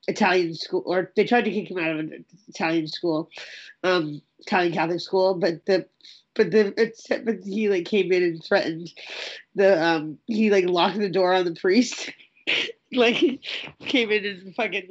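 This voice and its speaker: A woman's voice: lowish voice, dull audio. A woman in casual conversation who laughs often and restarts her sentences. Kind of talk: casual chat.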